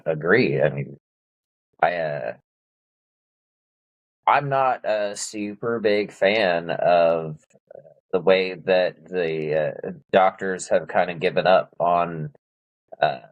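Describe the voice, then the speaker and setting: Man, low voice, slow and halting, searches for his words, dry close sound. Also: no echo, low-quality recording. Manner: halting, hesitant, many restarts and fillers. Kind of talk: casual conversation.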